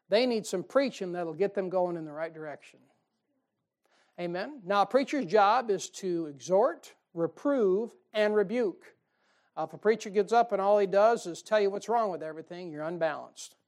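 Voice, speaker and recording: Folksy conversational preacher, male. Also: high-pitched. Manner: folksy, conversational, asks the congregation rhetorical questions. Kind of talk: sermon.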